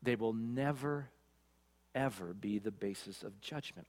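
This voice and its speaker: A pastor preaching an expository sermon, swinging from loud emphatic peaks to quiet, drawn-out phrases. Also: male voice, fairly low pitch, lively intonation. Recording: long reverb of a large hall.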